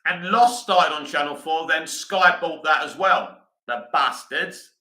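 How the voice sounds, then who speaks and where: A man's voice: fairly high pitch, measured pace, bright, forceful tone, reverberant, low-quality recording. A British man hosting a live stream, reading comments aloud and answering them bluntly in casual chat.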